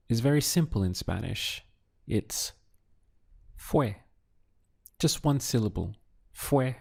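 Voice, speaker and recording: A man teaching a language lesson, asking the listener to translate phrases, pausing, then giving the answers and breaking words into syllables. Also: on the low side, vocal fry, darkish tone, husky. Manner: poses prompts, pauses, then gives answers syllable by syllable. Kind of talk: slow, deliberate audio language lesson.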